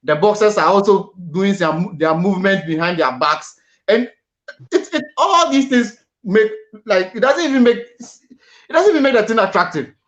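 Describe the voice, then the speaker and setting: A man's voice: high-pitched, normal speed, fairly bright tone. Earnest male boxing show host. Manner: earnest, repeats and restarts words. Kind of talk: panel discussion on boxing.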